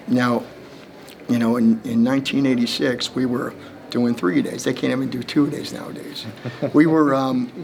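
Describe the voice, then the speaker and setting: A man in his fifties, originally from New Jersey, answers press questions as a Hall of Fame inductee. His voice has a gravelly, fried texture at a middling pitch. He rambles through long anecdotes, slipping into the voices of the people he quotes. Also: slight background noise. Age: 50s. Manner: rambling storyteller who acts out quoted voices and laughs between lines. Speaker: Hall of Fame inductee, former running back.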